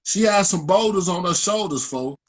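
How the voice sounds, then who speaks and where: A man's voice: sits high, animated, normal speed, background noise. A man co-hosting a casual live talk show, teasing and joking in slangy talk. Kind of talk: casual banter on a live stream.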